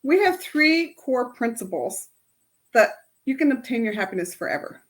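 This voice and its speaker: A woman's voice: a little high, big pitch swings, normal speed. A middle-aged woman life coach leading a self-help workshop in a casual, chatty way, often ending her points with "right?". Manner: chatty, tags lines with "right?". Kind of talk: casual workshop talk to a group.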